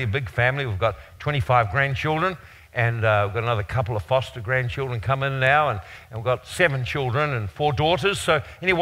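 An older man preaching, telling a personal story in an animated, rambling way. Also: fairly high pitch. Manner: animated anecdotal storytelling with restarts. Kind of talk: storytelling sermon.

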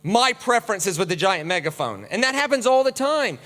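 A man preaching from the front of a church hall, his high, bright voice ringing with a long reverb. He talks in an animated, lively way and swings broadly whenever he acts out the voices he quotes. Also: fairly quick. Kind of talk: sermon with slides.

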